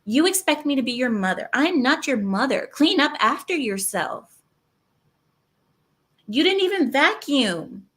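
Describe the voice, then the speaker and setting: A woman's voice: high-pitched, big pitch swings, a little slow, a bit bright, pitched above the performer's own voice, exaggerated voice. A woman acting out an exasperated wife who scolds her husband about chores. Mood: scolding.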